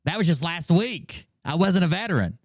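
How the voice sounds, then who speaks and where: A man in his thirties hosting a live stream, mocking and swearing, with bursts of shouting. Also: sits high, big pitch swings, normal speed, no room sound, studio quality. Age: 30s. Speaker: streamer host. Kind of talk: casual live-stream commentary.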